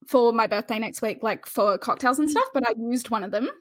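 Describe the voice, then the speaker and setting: Chatty woman, slightly high voice. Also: brisk, dry recording, studio quality. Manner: chatty, self-mocking, rambling. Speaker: podcast co-host. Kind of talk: casual chat.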